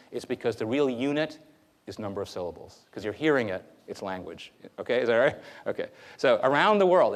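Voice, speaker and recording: A male university lecturer giving a classroom lecture in a hall, talking in a lively, conversational way with frequent fillers. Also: medium pitch.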